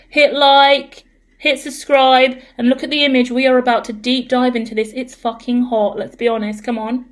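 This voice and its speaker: A woman doing a casual live tarot reading, chatty, excitable and rambling, with some swearing and a croaky, cracking voice. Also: high-pitched. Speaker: tarot reader.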